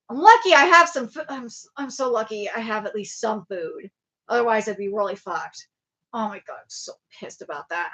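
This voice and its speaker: Casting: young woman streamer, high and bright, rambling and swearing at a webcam. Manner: rambling, swearing, emphatic repeats. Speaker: livestream host. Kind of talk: casual livestream chat. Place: home room with laptop at a desk.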